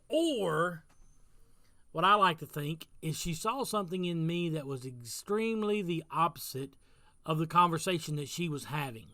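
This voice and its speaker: Earnest pastor man, slightly high voice. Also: pushed and bright, no room sound, studio quality. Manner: earnest, repeats phrases for emphasis. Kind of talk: casual devotional talk with a story.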